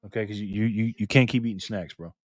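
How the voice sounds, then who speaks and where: A man's voice: fairly low pitch, fast talker, no echo. Man chatting casually on a live stream. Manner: loose, talks to chat viewers by name, repeats himself.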